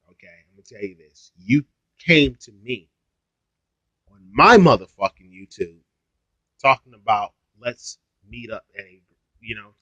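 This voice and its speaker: A man's voice: fairly low pitch, pushed and bright, no echo. A young adult man telling a story on his vlog in a blunt, heavily profane, ranting way. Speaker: YouTuber. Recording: dull lo-fi sound, dry.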